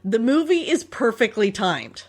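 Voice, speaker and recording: A woman from Canada hosting a podcast, telling stories in a casual, animated way and laughing often. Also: fairly high pitch, measured pace. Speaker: podcast host. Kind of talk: casual storytelling chat.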